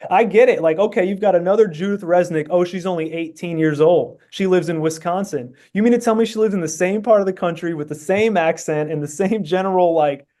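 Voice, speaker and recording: A man's voice: high-pitched, a little fast, hardly any pauses, dark tone. A man as a podcast guest in casual chat, reasoning earnestly and rambling with fillers.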